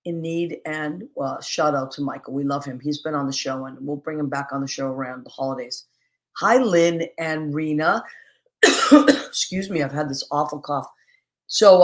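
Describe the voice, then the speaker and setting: A woman hosting a live-streamed talk show, chatting casually, warmly greeting viewers by name with endearments and rambling with many fillers and restarts. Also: low-pitched. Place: home, streaming live in New York.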